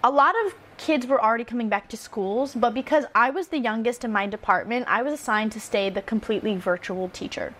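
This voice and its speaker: A young woman teacher telling stories in casual chat, with quick asides and laughs. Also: fairly high pitch, fairly bright tone.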